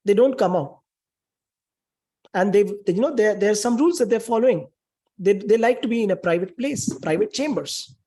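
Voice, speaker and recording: A man's voice: high-pitched, moderate pace, dark tone, breathy edge. A man giving a spiritual talk, retelling a scripture story in an emphatic, dramatic way with lots of repetition. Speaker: spiritual speaker.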